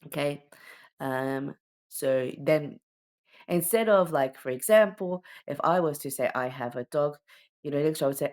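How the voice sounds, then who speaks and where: A woman's voice: sits low, normal speed, darkish tone. A woman giving a casual alphabet lesson, explaining each letter in a chatty way with many okays and ums. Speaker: homeschooling teacher.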